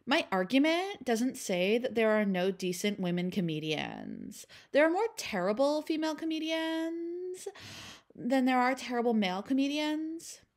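A woman voicing a ditzy valley girl in a drawn-out lilt to mock a pompous man's words. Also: high-pitched, wildly swooping pitch, voice pushed up, full character voice.

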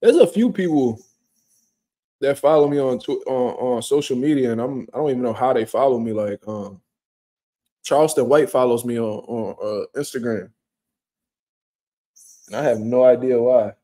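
A young man hosts a casual livestream from home, answering viewer comments in loose, slang-heavy and profane talk. His voice sits in an ordinary middle register with a dark, mellow tone. He sounds relaxed and conversational throughout. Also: mid-range voice, moderate pace, long pauses. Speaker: livestream host. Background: quiet room at home.

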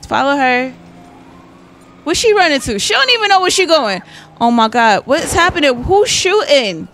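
A woman's voice: high voice, big pitch swings, moderate pace, a bit bright, slight background noise. A young woman giving casual, chatty commentary as she plays a video game, exclaiming and talking straight to her viewers. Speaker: gaming YouTuber.

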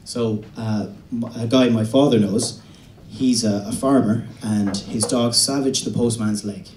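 A young man from the west of Ireland with an Irish accent, doing a stand-up set in a halting, deadpan way with many restarts. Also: on the low side, slight background noise. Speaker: stand-up comedian. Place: comedy venue stage. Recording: roomy venue recording from a distance.

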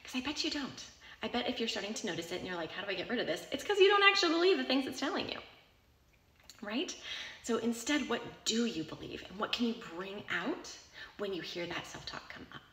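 A woman's voice: a little high, sing-song, fairly quick, a bit bright, echoey room. A woman speaking in a casual, reassuring advice talk, often checking in with the listener by asking "right?" or "okay?". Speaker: self-help author answering a listener question.

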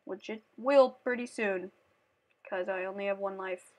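A woman playing a platform game on camera, chatting playfully and breaking into shrieks and yells as she plays. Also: mid-range voice, measured pace. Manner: playful, talks to the game and her cat. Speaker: gaming channel host. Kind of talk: let's play commentary.

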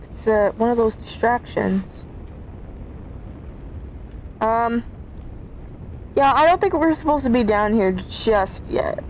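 High-voiced woman nervously narrating a game. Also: lively intonation, takes it slowly, pauses often, slight background noise, poor audio. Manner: chatty, easily scared, talks to viewers. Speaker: gaming YouTuber. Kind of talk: let's play commentary.

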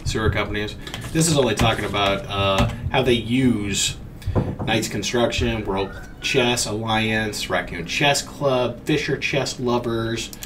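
A man's voice: fairly low pitch, a little slow, distant mic, noisy background. A man playing a horror game and thinking aloud as he explores. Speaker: let's play player. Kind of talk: casual gaming commentary.

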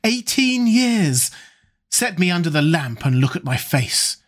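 A man voicing a vain, cold young English gentleman in an audiobook, who pleads when cornered and turns lordly once safe. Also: on the high side, normal speed, husky. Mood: urgent.

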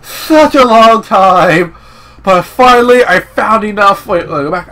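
A young man giving excitable let's-play commentary, swearing, laughing and yelling apologies over game audio. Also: high voice. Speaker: gaming channel host.

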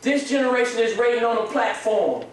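A man preaching a sermon as pastor, moving from quiet pleading to shouted prayer. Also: extremely high pitch, expressive, brisk. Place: church sanctuary. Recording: echoey church hall, mic at a distance.

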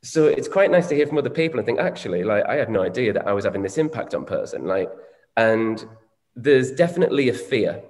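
Man, 40s, frank co-host, mid-pitched voice, echoey room. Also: animated, fast talker, darkish tone. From Northern England. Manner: frank, reflective, swears casually. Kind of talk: candid conversational chat. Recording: echoey room with long reverb.

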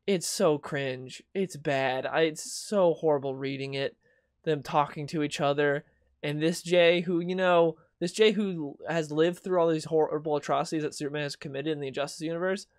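A man's voice: on the high side, smooth, dry recording, studio quality. A young man hosting a comic book video, ranting casually and sarcastically with mocking quoted voices. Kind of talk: casual opinion commentary.

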